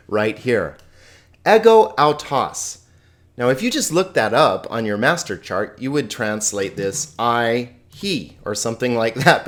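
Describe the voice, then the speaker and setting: A man's voice: fairly low pitch, a bit bright. A man giving a recorded language lesson, chatty and upbeat, laughing often and stressing key words. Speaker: Greek teacher.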